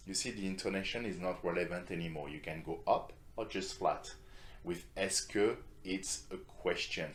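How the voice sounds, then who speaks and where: A man with a low voice teaches a beginner language class. He speaks clearly and patiently, pausing to model phrases for his students to repeat. The room around him has a noticeable echo. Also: slight background noise. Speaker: French teacher.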